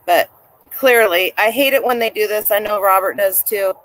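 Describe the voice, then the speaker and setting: A woman with a medium-pitched, fairly bright voice chats at normal speed while vlogging her reseller finds. Her casual talk rambles and she speaks to the people and dog nearby.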